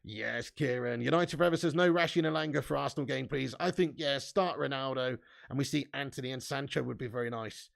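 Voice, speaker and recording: A man's voice: mid-range voice, fairly quick, gravelly. A young man hosting a casual live stream, reading out viewer comments in a chatty, laddish way with frequent laughs and swearing. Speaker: fan channel host reading live chat.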